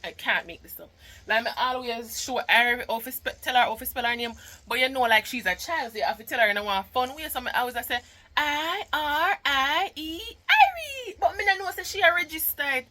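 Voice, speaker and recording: A Jamaican woman talks in a casual vlog, her voice sharp and bright and sitting a little high. She is chatty and openly emotional, and slips between patois and English as she speaks. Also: quick pace, slight background noise, low-quality recording. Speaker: mother and vlogger.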